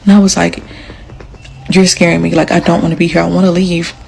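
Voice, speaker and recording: A woman's voice: lowish voice, flat delivery, brisk, vocal fry, noisy background. A young adult woman casually telling a personal story, chatty and leaning on "like" as she acts out what people said. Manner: chatty, leans on "like", acts out quotes. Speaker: storyteller sharing a personal account.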